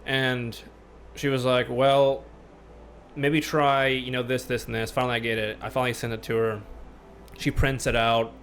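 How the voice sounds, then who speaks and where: A man ranting on a casual podcast, telling a story, swearing freely and getting loud when angry. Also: mid-range voice, flat delivery, moderate pace, a little hiss or hum. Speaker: podcast host.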